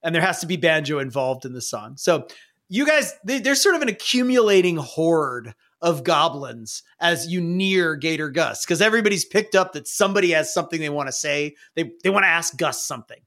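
A man's voice: a little high, sing-song, brisk, sharp tone. A man narrating a tabletop game as game master in a loose, rambling way.

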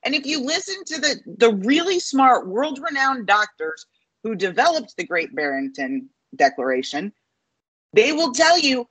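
A woman co-hosting a podcast, her voice a little high and husky with a bright, lively delivery. She talks in a confident, matter-of-fact way. The sound is dry and close. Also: unhurried, no room sound, low-quality recording. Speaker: podcast co-host. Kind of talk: casual political chat.

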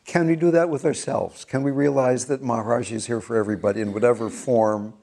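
An older man tells a spiritual story in a slow, musing way, laughing softly now and then. His voice is gravelly, with a dark, mellow tone. He sounds tender and reflective. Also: medium pitch, steady tone.

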